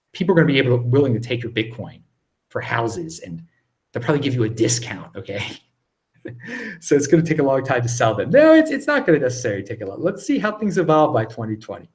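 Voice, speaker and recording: A man hosting a casual live question-and-answer stream from his apartment, reading out viewer questions and answering them in a lowered voice with quick restarts. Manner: animated, talks over himself with quick restarts; lowered, near-whispering voice.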